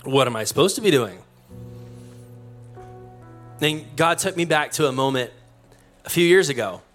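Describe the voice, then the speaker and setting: A young male pastor telling a story in his sermon, animated and self-mocking, often laughing at himself. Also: fairly high pitch, moderate pace, soft background music.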